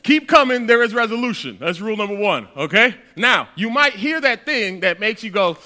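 Bright-voiced preacher joking with his flock. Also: sits high, very animated, moderate pace. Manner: conversational and playful with the congregation. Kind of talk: sermon. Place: church hall.

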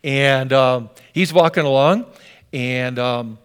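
A man's voice: mid-range voice, slow, smooth. An older man preaching a sermon, telling stories with folksy asides and hammering points home with emphatic repetition. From US Northwest. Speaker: pastor.

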